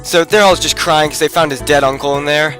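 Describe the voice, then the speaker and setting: A man's voice: on the high side, fairly even intonation, brisk, fairly bright tone, soft background music. A man giving rambling game commentary, retelling a story packed with "like" and breaking off to talk about his own play. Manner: rambling, filler-heavy retelling with "like". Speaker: gameplay commentator.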